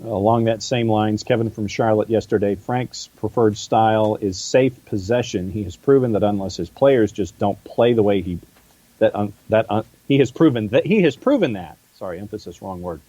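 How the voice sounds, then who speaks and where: A man's voice: fairly low pitch, moderate pace, warm tone, no echo, dull audio. A man co-hosting a soccer podcast who reads listener messages aloud and stops to correct his own reading. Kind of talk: casual podcast chat.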